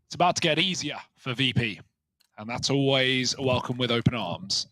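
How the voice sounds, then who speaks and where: A man's voice: medium pitch, expressive, moderate pace, pushed and bright. A man commentating a live esports match, with a playful, joking manner.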